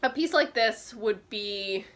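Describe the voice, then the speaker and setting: A woman's voice: a little high, expressive, slow, fairly bright tone. A woman vintage clothing reseller giving a chatty show-and-tell tutorial, explaining details with frequent ums.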